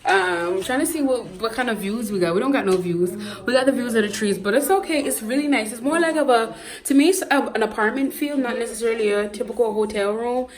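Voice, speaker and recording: A woman's voice: on the high side, fast talker. A young woman vlogging on her phone at an airport and in a hotel room, chatty and playful, talking to "guys" and "y'all". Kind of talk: casual vlog to camera. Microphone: phone camera. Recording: noisy phone recording.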